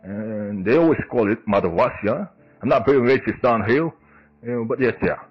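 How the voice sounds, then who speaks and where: A man hosting a casual solo podcast in English, halting, with many fillers and restarts. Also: medium pitch, animated, husky, lo-fi sound. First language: Indonesian. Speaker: podcast host.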